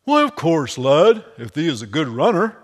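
A man's voice: a little high, sing-song, moderate pace, breathy edge, pitched above the performer's own voice. A man voicing a kindly older Quaker miller who talks in a folksy, considered way, in a room with a long echo. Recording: echoey room with long reverb.

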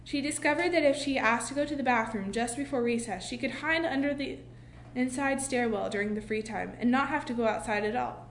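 A woman reads a children's story aloud in an expressive way and pauses slowly for effect. Her voice sits a little high. The recording carries a roomy echo and a faint hiss behind it. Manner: expressive, with slow dramatic pauses. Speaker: narrator. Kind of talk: reading a children's book aloud. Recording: echoey room with faint hiss.

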